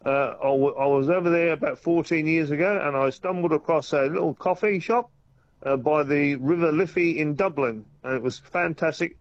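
A man's voice: a little high, normal speed, dry recording. A man calling a radio show, friendly and stumbling over his first words. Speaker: radio caller. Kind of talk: phone-in chat. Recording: dull, dry phone line.

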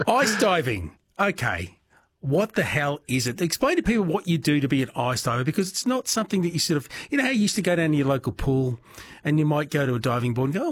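A man's voice: on the high side, big pitch swings, fairly quick, slightly rough, no echo. A man hosting an interview and asking questions in a playful, jokey way. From Australia. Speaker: radio host.

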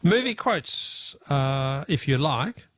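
A man hosting a radio quiz, brisk and chatty, reading out listener messages. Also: mid-range voice, very animated, fairly bright tone, husky.

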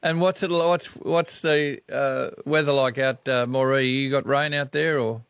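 A man's voice: medium pitch, fairly even intonation, unhurried, a bit bright, smooth, dry recording. A man with an Australian accent hosting a radio call-in show, chatting in a folksy, friendly way. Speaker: radio host.

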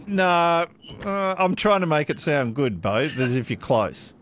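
A man's voice: a little high, big pitch swings, measured pace, a bit bright, faint music behind. A man hosting a radio quiz with callers, chatty and self-deprecating, laughing often. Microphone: studio microphone.

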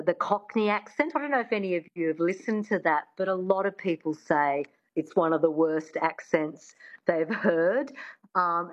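Enthusiastic low-voiced woman accent coach. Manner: enthusiastic, agreeable. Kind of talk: radio interview. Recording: dull lo-fi sound.

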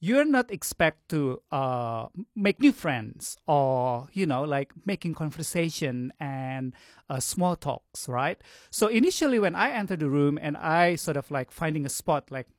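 A man, a guest on a radio show, telling his story in a relaxed way with lots of fillers. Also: on the high side, a little slow, dry recording, clean studio sound. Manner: relaxed, hesitant, many fillers. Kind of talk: casual interview, personal account. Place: radio studio. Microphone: studio mic.

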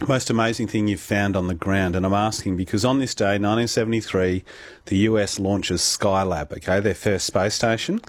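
Male talkback host, low husky voice, dry studio sound, laughs easily. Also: steady tone, moderate pace, no echo. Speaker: radio host. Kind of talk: talkback radio chat.

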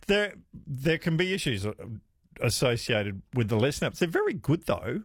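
A man's voice: a little high, sing-song, moderate pace, no room sound. A man hosts talkback radio in a close, dry studio sound. His voice swoops up and down a lot as he muses aloud and throws questions to his listeners. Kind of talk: casual talkback radio chat. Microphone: studio microphone.

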